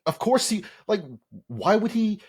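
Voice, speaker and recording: A man co-hosting a podcast, talking forcefully and swearing in casual chat. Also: high voice, big pitch swings, a little slow, husky. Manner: forceful, profane. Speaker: podcast host.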